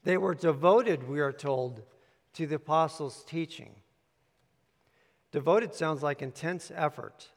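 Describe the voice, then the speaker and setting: Emphatic pastor in a reverberant hall. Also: male voice, on the high side, measured pace, long pauses. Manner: emphatic, repetitive, directs listeners to underline. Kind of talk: sermon with handouts.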